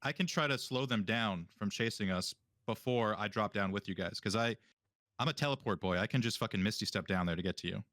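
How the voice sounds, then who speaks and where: A man's voice: lowish voice, brisk, a bit bright, no room sound, studio quality. A man playing a tabletop game, talking casually, rambling with fillers and the odd swear word. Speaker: player.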